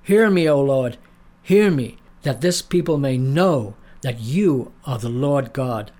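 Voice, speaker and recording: A man doing a booming stern prophet. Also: animated, a little mellow. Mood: fervent prayer. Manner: booming, solemn, slow proclaiming. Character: stern commanding male prophet, bold and defiant.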